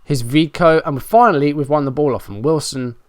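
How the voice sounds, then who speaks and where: A man's voice: on the high side, fairly quick, no echo, studio quality. A man giving running play-by-play commentary on a football management game, frustrated and self-mocking. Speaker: gaming YouTuber.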